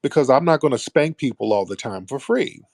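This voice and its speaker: A man's voice: mid-range voice, expressive, a little fast, darkish tone, dry recording, studio quality. A man hosting a heated call-in debate, mocking and combative, talking over his caller. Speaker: host.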